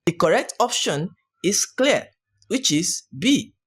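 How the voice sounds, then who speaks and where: A woman giving a scripted English exam-prep lesson, explaining each point clearly and step by step. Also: medium pitch, sing-song, slow. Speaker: English teacher.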